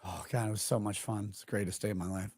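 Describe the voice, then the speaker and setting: A man's voice: on the low side, steady tone, fast, darkish tone, no echo, clean studio sound. A man who is a guest on a casual stream chat, laid-back and self-mocking.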